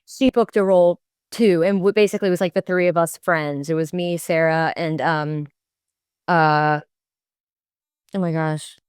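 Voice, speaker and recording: A woman in her twenties, an actor guest on an interview podcast, telling her story in a chatty, animated way with lots of fillers and restarts. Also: on the low side, moderate pace, long pauses, clear, resonant tone, no room sound, studio quality. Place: podcast studio.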